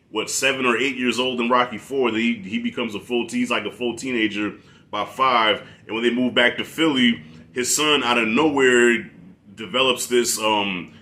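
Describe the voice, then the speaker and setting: A man chatting as a guest movie reviewer, animated and informal, often restarting his sentences. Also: medium pitch. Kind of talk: casual conversational film review.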